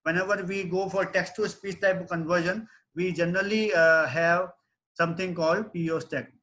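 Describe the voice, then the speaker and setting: Man, webinar lecturer, high voice, bright tone, explains step by step. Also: steady tone, a little fast. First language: not English. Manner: explanatory, frequent tag questions. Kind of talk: online technical lecture.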